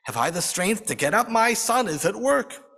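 A man's voice: high-pitched, very animated, normal speed, vocal fry, a bit bright, husky, pitched above the performer's own voice, full character voice. A man voicing a poor, sick old widow who complains plaintively, in a reverberant hall.

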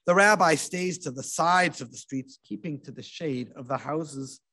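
Expressive male sermon storyteller. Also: fairly high pitch, moderate pace. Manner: dramatic, hushed and expressive.

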